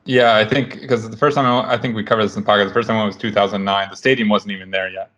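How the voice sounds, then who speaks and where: A man in his thirties hosting a casual podcast chat, relaxed and rambling with frequent restarts. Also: on the low side, rapid-fire. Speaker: podcast host.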